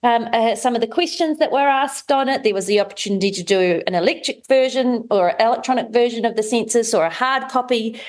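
A woman, a regular radio contributor, explaining a topic in a measured and informative way with some fillers. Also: a little high.

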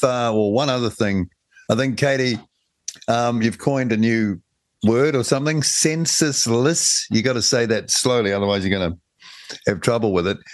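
A man hosts a radio show with casual, jokey, brisk remarks. His voice is mid-pitched, and the studio sound is dry. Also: no echo. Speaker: radio host.

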